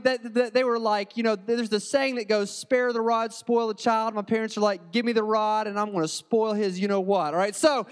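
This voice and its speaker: A man's voice: high-pitched, big-room sound. A man preaching in a church, telling a joking childhood story in a loose, conversational way with many restarts. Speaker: pastor. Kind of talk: storytelling sermon.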